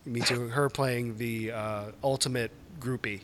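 A man's voice: mid-range voice, fairly even intonation, measured pace, fairly bright tone, a little hiss or hum. A man in casual podcast chat, easygoing and agreeable, telling a story.

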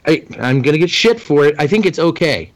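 A man co-hosting a casual movie podcast with a fairly high voice. He talks in a chatty, enthusiastic way and swears freely. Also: expressive, fairly quick. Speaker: podcast co-host. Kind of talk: casual chat.

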